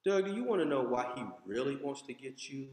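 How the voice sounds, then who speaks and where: Male pastor from the States, animated conversational sermon, mid pitch, recorded with long hall reverb. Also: a little fast. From United States. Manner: animated, conversational preaching with asides to the congregation. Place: church sanctuary. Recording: echoey hall.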